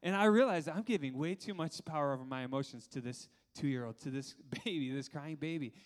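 This sermon comes from a pastor in his thirties with a voice notably high for a man, speaking fairly quickly. He stays lively, laughs along the way, and often puts questions to the congregation.

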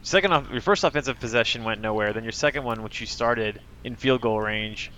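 A man's voice: mid-range voice, fairly quick, pushed and bright, a little hiss or hum, rough recording. A man from the American South chatting casually as a podcast co-host, teasing and laughing through sports banter. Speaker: podcast co-host, Clemson fan.

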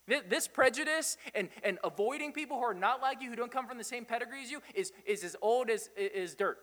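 A man preaching a sermon, animated, asking his listeners rhetorical questions and chuckling often. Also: very high-pitched, a little fast, in a large hall. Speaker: pastor.

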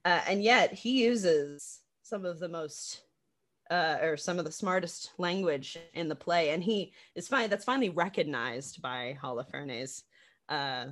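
A woman's voice: lowish voice, measured pace. A woman talking casually and animatedly about a stage production, laughing often and restarting her sentences, with lots of fillers. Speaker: theater practitioner discussing a production. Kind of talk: casual conversation about a play.

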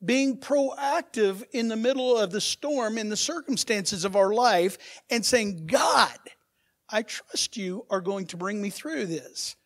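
A man preaching a sermon as pastor, asking his congregation rhetorical questions and swinging from soft asides to loud, emphatic bursts. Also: high voice, slow.

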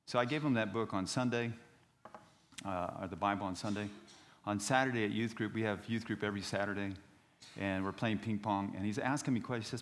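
A man in his fifties, a pastor preaching a sermon in a church, telling stories and rising to loud outbursts when he reads scripture. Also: fairly low pitch, a little fast, long reverb tail, a little hiss or hum. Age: 50s. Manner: animated storytelling preacher, voice rising to shouts on scripture.

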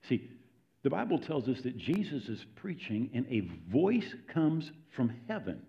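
A man's voice: medium pitch, big pitch swings, a little slow, gravelly, mellow. A man preaching a sermon in a conversational, storytelling way, often checking in with his listeners. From United States. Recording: dull lo-fi recording.

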